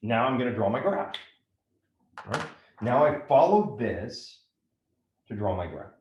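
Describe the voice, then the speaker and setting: A man's voice: medium pitch, sing-song, a little slow, reverberant, lo-fi sound. A man teaching a math lesson step by step, often checking in with "right?".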